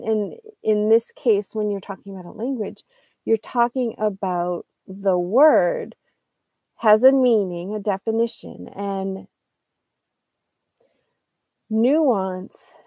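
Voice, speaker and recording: Slow, mellow-voiced woman teaching English. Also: medium pitch, no echo. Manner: slow, searching for words, self-correcting, laughs lightly. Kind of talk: live lesson talk.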